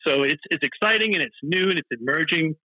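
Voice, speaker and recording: A man's voice: on the high side, fast talker, bright, forceful tone, no room sound, rough recording. A man being interviewed as a company founder, answering eagerly and explaining things plainly.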